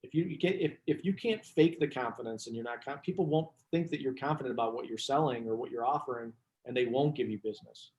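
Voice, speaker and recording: A man, a business coach, chatting as a guest and telling lively stories with asides and restarts. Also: medium pitch, fast talker, few pauses. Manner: animated storyteller, frequent restarts and asides. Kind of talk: casual interview chat. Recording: roomy echo.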